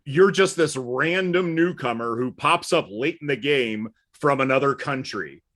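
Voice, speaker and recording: A man who grew up partly in England, telling stories in a relaxed chat with dry, deadpan humor. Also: medium pitch, measured pace. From United States, partly raised in England. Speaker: guest. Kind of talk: casual storytelling chat.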